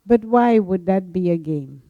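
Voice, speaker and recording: A woman meditation teacher telling a story in a gentle spiritual talk, laughing softly now and then. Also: fairly low pitch, animated, no echo, dull audio. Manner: slow, gentle storytelling with frequent soft laughs.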